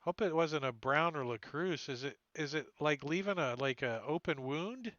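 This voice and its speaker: Lively, bright-voiced man running a game. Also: a little high, normal speed, dry recording. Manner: laughing, animated, with filler words. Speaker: dungeon master. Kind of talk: narrating a tabletop game. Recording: dull lo-fi stream audio.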